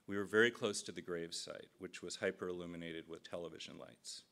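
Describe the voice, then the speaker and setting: Low-voiced man telling dry stories. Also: steady tone, fast, bright, forceful tone. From Minnesota. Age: 50s. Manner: dry storytelling with self-deprecating asides. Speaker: political cartoonist giving a keynote speech. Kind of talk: humorous keynote speech.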